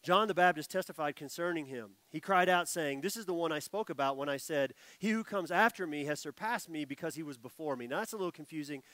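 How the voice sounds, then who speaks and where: A man preaches a sermon in a fairly high voice, leaning into stories and acting out the people in them. He repeats key phrases to drive them home. His voice is picked up close and sounds dry, with little room sound. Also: fast talker, few pauses, dry recording. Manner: storytelling, animated quoted voices, repeats phrases for emphasis. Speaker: pastor. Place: church.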